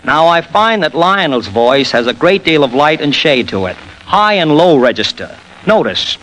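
A man guests as an impressionist on a 1940s radio interview, joking as he explains his craft. His voice sits fairly high and moves in a lively way. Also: normal speed, slight background noise, rough recording. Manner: jokey, explanatory.

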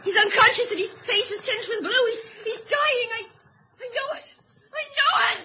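A high-pitched mother, motherly and turning frantic. The old radio-drama recording is muffled, with a strong hiss behind it. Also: big pitch swings, moderate pace. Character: anxious frontier mother on a radio set. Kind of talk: vintage radio drama acting.

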